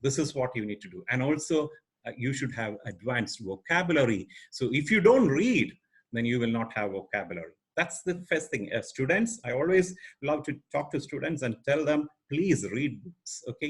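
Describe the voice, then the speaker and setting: A man's voice: mid-range voice, husky. A middle-aged man giving an online training lecture as a corporate trainer, emphatic and asking the audience rhetorical questions.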